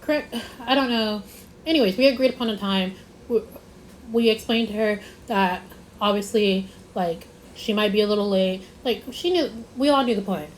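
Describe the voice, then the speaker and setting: A woman's voice: mid-range voice, normal speed, slight background noise, poor audio. Rambling young woman telling a story. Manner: rambling, repeats herself, lots of "like"; emphatic, stressing points. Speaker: vlogger. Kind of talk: casual storytime.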